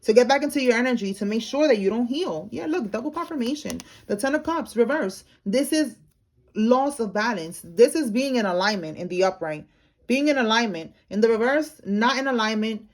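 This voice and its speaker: Woman reading tarot, casual and slangy, blunt, fairly high voice. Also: animated, normal speed. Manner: slangy and blunt, addresses viewers as y'all. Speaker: tarot reader.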